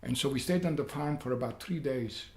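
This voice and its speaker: An elderly man in his eighties from Poland, speaking, tells his own story in a halting way, repeating words and growing loud as he relives events. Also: medium pitch. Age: 80s. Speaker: interviewee. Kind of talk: personal storytelling. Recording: roomy echo.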